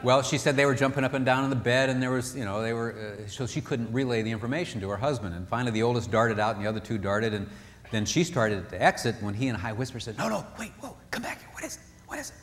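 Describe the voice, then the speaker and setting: A man's voice: mid-range voice, fast. A man speaking at a marriage seminar, telling stories to an audience with emphatic repetition. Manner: storytelling, acts out quoted voices; emphatic, repeats phrases. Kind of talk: live seminar talk to an audience. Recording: reverberant hall, faint background noise.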